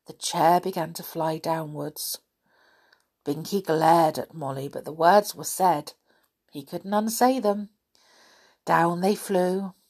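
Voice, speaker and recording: A woman reading a children's story aloud at an unhurried, drawn-out pace. Her voice is husky and a little low, and she lingers on phrases for effect. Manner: expressive, deliberate.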